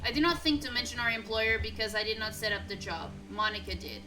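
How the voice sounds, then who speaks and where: A woman reading the lines of a weary, grieving older male fixer from a game aloud, in a measured, tired way. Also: fairly high pitch, over music, lightly acted, low-quality recording.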